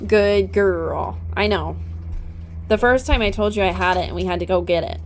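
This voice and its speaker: A woman horse trainer filming on a handheld phone outdoors by a trailer, talking softly and coaxing her horse with praise. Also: medium pitch, normal speed, slight background noise. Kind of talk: casual training vlog. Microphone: handheld phone camera.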